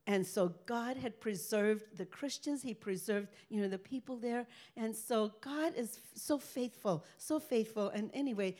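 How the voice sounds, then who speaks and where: An older woman giving a rambling, halting personal faith testimony as a ministry speaker. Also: a little high, dark tone.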